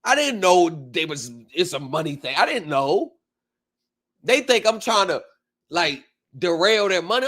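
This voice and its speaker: A man hosting a casual livestream chat, telling stories with lively, animated reactions and frequent swearing, heard over a remote video call. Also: normal speed. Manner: animated storyteller, acts out his reactions with big pitch jumps and swearing. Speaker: livestream host.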